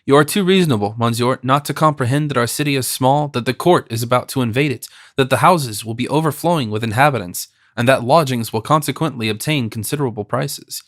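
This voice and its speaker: A man's voice: mid-range voice, quick pace, hardly any pauses, fairly bright tone, no echo, studio quality, close to an everyday voice. A man doing a fawning, rambling innkeeper. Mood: deferential. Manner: deferential, rambling, ingratiating. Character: fawning middle-aged male innkeeper, anxious and wordy.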